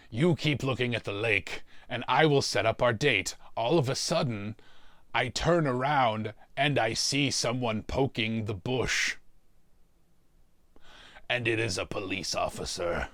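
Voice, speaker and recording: A man's voice: mid-range voice, a bit bright, dry recording. A man playing a demonic torturer who hosts a mystery show and tells a comic story about suffering. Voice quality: gravelly, slow, relishing talk of suffering. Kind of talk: comedic in-character storytelling.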